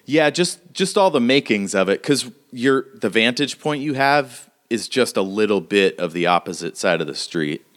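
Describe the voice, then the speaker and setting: A man's voice: mid-range voice, animated, moderate pace, few pauses, a bit bright. A man narrating scenes as game master in a tabletop role-playing game, full of fillers. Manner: descriptive, with many fillers.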